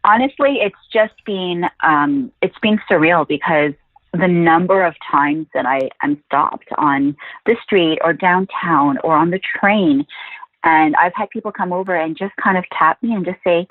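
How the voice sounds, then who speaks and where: A woman's voice: on the low side, unhurried, no echo. A woman journalist from Quebec, a guest on a podcast interview, telling her stories with animation and acting out the voices of the people she met. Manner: animated storyteller, acts out quoted voices. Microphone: phone. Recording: tinny phone line, dry.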